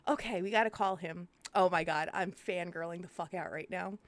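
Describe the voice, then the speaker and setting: A woman hosting a live-stream interview, excitable and gushing, swearing freely. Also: lowish voice, normal speed, no echo. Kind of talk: casual live-stream chat.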